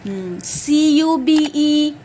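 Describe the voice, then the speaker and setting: A woman's voice: high voice, expressive, takes it slowly, dark tone, slight background noise. A woman drilling her young child on phonics, patiently spelling out letters one by one and praising each answer.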